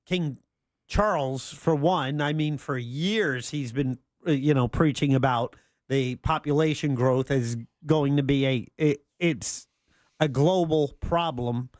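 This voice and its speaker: A man co-hosting a talk-radio show, dropping wry, deadpan one-liners into the conversation. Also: medium pitch, takes it slowly, dry recording, studio quality. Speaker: radio co-host. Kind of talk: casual talk-radio banter.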